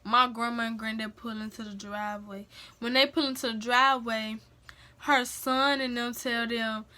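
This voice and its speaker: A young woman, telling a dramatic personal story in an animated, emphatic vlog style. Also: a little high, moderate pace. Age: young adult. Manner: animated, emphatic, dialect-rich retelling. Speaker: storyteller vlogger. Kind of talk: casual storytime.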